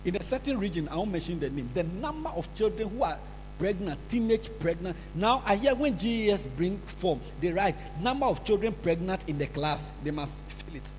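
A man preaching a sermon, scolding and repeating himself, breaking into shouts, recorded in a large church hall. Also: high voice, expressive, normal speed, a little hiss or hum. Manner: scolding, repetitive, bursts into shouts. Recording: reverberant hall with faint music.

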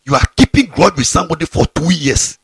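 A man's voice: on the high side, animated, brisk, breathy edge, no room sound. A man, preaching a fiery, scolding sermon to students and often repeating himself. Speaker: pastor.

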